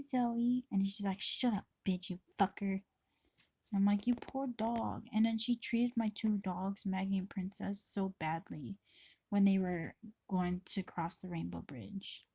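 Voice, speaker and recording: A woman's voice: medium pitch, mellow, no room sound. A woman vlogging to her camera in a rambling, confessional way, swearing freely and often restarting her sentences. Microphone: camera mic.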